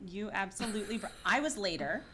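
Animated woman in her thirties telling stories. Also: medium pitch, quick pace, a little hiss or hum. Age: 30s. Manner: animated storyteller, acts out quoted dialogue. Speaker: guest. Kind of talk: casual chat.

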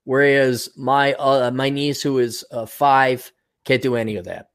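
A man's voice: mid-range voice, fairly even intonation, measured pace, a bit bright, smooth. A man co-hosting a casual talk show, blunt and profane, rambling and slipping into mocking voices. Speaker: podcast co-host. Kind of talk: casual chat.

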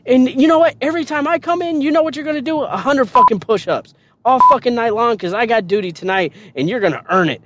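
A man voicing a short, furious woman drill sergeant who yells orders laced with profanity. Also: extremely high pitch, quick pace, background noise, voice pushed up. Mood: barking orders. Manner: yelling nonstop profanity.

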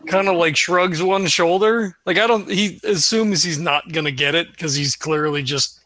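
High, bright-voiced man, slow and hesitant. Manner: hesitant, filler-heavy. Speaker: player. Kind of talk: casual tabletop play.

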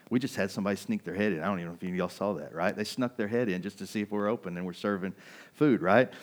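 Low-voiced pastor telling stories. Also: male voice. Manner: conversational, animated storytelling with asides to the congregation. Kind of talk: sermon with personal storytelling. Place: restaurant used as a church hall.

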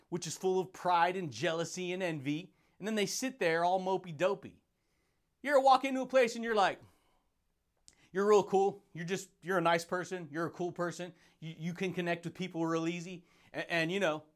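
A man hosting a podcast, giving a hyped motivational monologue full of slang, repeated catchphrases and frequent laughs. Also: high voice. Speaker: podcast host.

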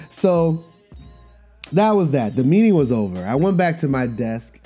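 A podcast host tells a story in a relaxed, slangy monologue, circling back and repeating his points. His pitch rises and falls widely as he talks. His voice has a warm, mellow tone. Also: a little slow, soft background music. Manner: animated, repetitive, slangy.

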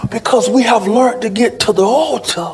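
A pastor preaching a sermon in church, building to shouts and teasing his congregation. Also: very high-pitched, moderate pace, a crowd in the background, rough recording. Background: music under the preaching.

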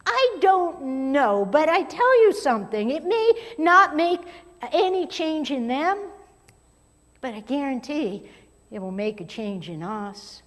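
A woman pastor preaching a sermon, moving between strong emphasis and hushed, near-whispered asides. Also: high voice, big pitch swings, a little slow. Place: church sanctuary. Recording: long hall reverb.

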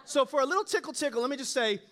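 A man preaching a sermon as pastor, animated and joking, telling stories. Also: very high voice, very fast, some chatter behind.

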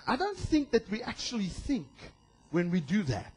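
A male pastor preaching a sermon in an animated way, acting out voices and shouting for emphasis. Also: high voice, normal speed, breathy edge.

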